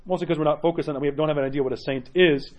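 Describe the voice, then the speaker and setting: A man preaching a sermon as an Orthodox priest, earnest and animated, often checking in with "right?". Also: fairly high pitch, rapid-fire. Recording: dull lo-fi sound.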